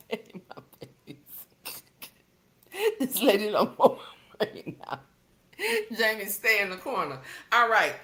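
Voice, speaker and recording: A woman's voice: medium pitch, very animated, slow, pauses often, pushed and bright. A woman hosting a casual livestream, reading viewer comments in a playful, teasing way and laughing often. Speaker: livestream host.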